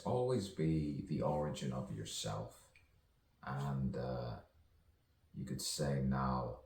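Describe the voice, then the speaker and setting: Spoken-word poet, man, very deep slow gravelly delivery, rambling and chant-like, roomy echo. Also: a little mellow. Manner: rambling, repetitive chant-like phrasing with chuckles. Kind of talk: improvised stream-of-consciousness poem. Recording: echoey room, distant mic, faint noise.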